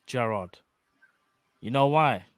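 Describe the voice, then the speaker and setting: A man co-hosting a live fan show, talking in a joking, emphatic, animated way. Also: medium pitch, slow pace, clear, resonant tone, no echo, clean studio sound. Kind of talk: casual live-stream chat. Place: home studio.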